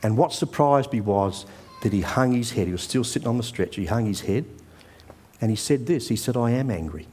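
A middle-aged man delivers a sermon. He talks in a gentle, conversational way and drifts into personal stories. His pitch sits right in the middle. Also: brisk, slightly rough. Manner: conversational storytelling, earnest and gentle. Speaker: preacher.

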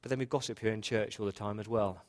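A man's voice: fairly low pitch, fairly even intonation, fast talker, a little mellow. A male pastor giving a sermon in church, earnest and repeating key points for emphasis.

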